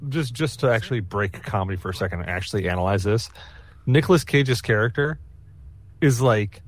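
A man's voice: on the low side, lively intonation, brisk. A man joking crudely with a friend while they watch a movie together over a call.

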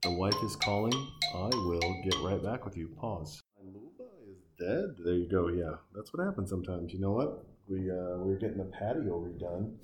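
A man's voice: low voice, normal speed, a little mellow, reverberant, faint music behind. A man giving crude, sarcastic, rambling comedic commentary while reacting to a film.

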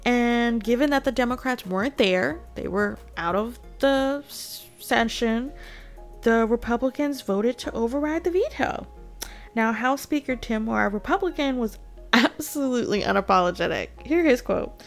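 A woman's voice: on the high side, animated, moderate pace, faint music behind. A woman giving casual, indignant political commentary straight to her viewers. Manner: indignant, addresses viewers directly, laughs between points.

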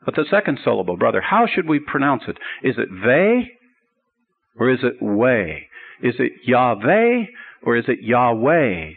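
A man's voice: medium pitch, big pitch swings, fast talker, vocal fry, few pauses, slightly rough, phone-quality sound, heavily acted. A man voicing eager, earnest Christian men questioning a teacher.

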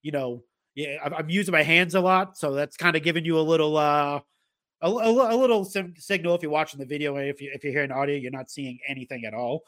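A man's voice: on the high side, fast talker, a bit bright, dry recording, clean studio sound. A man hosting a casual podcast, rambling with plenty of fillers and restarts. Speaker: podcast host.

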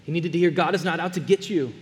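A male pastor with a high, light voice preaches an earnest sermon. He drops to soft, hushed phrases and then lifts to emphatic ones. His words carry a long reverb that fills a church hall. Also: quick pace.

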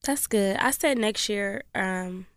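A woman co-hosting a casual chat, talking in a relaxed, reflective way. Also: mid-range voice, takes it slowly, smooth, no room sound, clean studio sound. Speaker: podcast co-host.

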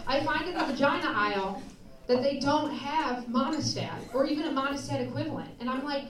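An American woman telling a story on stage as stand-up, animated and laughing through her lines. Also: sits high, brisk. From United States. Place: live show before an audience. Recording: live venue, roomy, distant mic, loud crowd.

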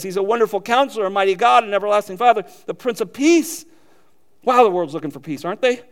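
A man preaching a sermon, earnest and emphatic, with repeated phrases and rhetorical questions to his congregation. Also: sits high. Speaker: pastor.

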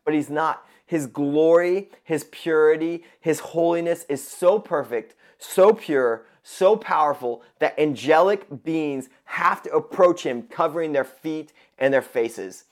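A man's voice: on the high side, a little slow, hardly any pauses. A man preaching a sermon to his congregation, emphatic and repeating words for stress. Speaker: pastor.

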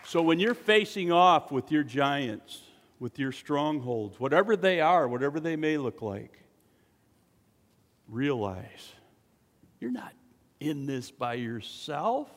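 A man preaching a sermon, building to loud, fervent peaks and joking between points. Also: on the high side, lively intonation, takes it slowly, big-room sound, a faint crowd. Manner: preaching with dramatic swells, jokes and acted quotes.

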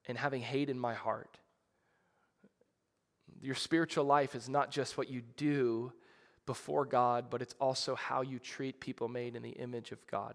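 A man preaching a sermon in a conversational, animated way, with frequent restarts and asides. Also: medium pitch, in a large hall. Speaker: pastor.

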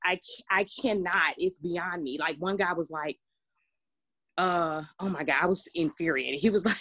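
Impassioned woman, low and dry. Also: moderate pace, a bit bright, no room sound. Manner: emphatic, impassioned, many restarts. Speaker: podcast co-host. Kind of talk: casual group discussion.

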